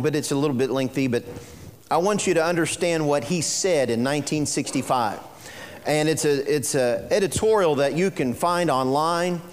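A male pastor with a fairly high voice delivers a folksy sermon, moving between jokes and earnest teaching. His words ring out with a long reverb in the church sanctuary.

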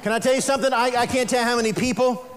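A man preaching a sermon as a pastor, animated and rising toward near-shouting, laughing at his own stories, in a church sanctuary. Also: extremely high pitch, very fast, a little hiss or hum. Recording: long reverb in a large hall.

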